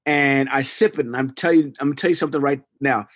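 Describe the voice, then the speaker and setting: A middle-aged man from New York in a casual storytelling chat, animated, swearing and acting out quotes, on a close studio mic. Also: medium pitch, fast, no room sound. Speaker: podcast co-host.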